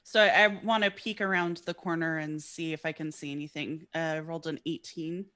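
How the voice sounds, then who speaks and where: A woman with a fairly low voice plays a tabletop game. She talks casually and hesitantly, often stopping to ask the game master questions. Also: steady tone, a little fast, pushed and bright. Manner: chatty, hesitant, asks questions. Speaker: player.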